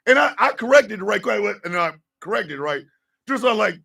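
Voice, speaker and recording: A middle-aged man, hosting a morning radio show and telling profane, animated stories with shouted impressions. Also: high-pitched, brisk, creaky, husky, recorded from a distance. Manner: animated storyteller, profane, mimics drill sergeants.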